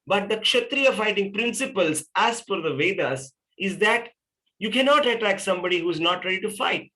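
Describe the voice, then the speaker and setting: A man's voice: sits high, expressive, normal speed, sharp tone, low-quality recording. A middle-aged man, teaching a scripture class and explaining patiently with rhetorical questions. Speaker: spiritual teacher.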